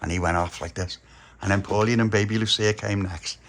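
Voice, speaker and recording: A man's voice: fairly low pitch, steady tone, fairly quick, a bit bright, a little hiss or hum. A man telling a playful improvised story, slipping into character voices and ghostly wails. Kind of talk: improvised bedtime-style storytelling.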